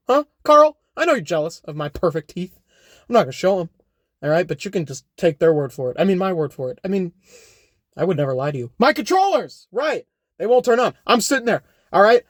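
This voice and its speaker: A man's voice: sits high, dry recording, clean studio sound. A young man rambling through an unscripted comedic vlog, joking and correcting himself, often tagging lines with "all right?". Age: young adult. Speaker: YouTuber. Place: home.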